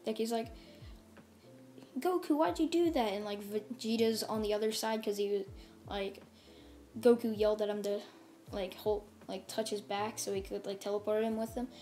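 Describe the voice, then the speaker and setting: A woman's voice: medium pitch, flat delivery, normal speed, dark tone. A woman casually narrating a fan story off the cuff, rambling and filling her talk with "like" and "and stuff". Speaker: channel host. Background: faint music.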